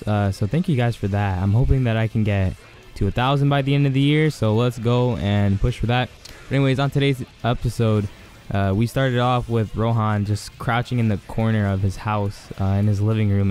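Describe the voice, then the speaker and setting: A man's voice: on the low side, a little mellow. A man hosting his own channel, giving a casual, rambling scene-by-scene review of an anime episode.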